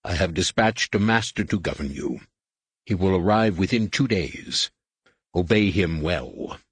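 A man's voice: low voice, lively intonation, unhurried, slightly rough, no echo, exaggerated voice. A man voicing a cold, contemptuous male alien master who speaks in curt commands in an audiobook. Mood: stern.

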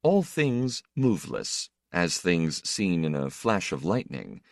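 A man narrating an audiobook in a measured, expressive reading. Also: sits low, creaky, no room sound, studio quality.

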